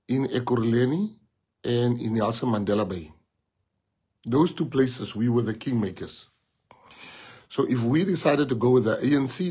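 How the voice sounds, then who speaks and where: Husky South African man telling a story. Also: medium pitch, darkish tone. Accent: South African English. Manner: repetitive, emphatic storytelling with quoted dialogue. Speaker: party leader addressing members. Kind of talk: rally speech.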